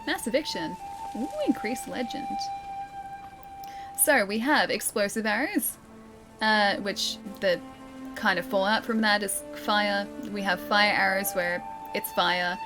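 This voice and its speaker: A woman's voice: medium pitch, expressive, slow pace, over music. A young woman streaming a game, chatting casually and giggling as she thinks aloud. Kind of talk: casual gameplay commentary.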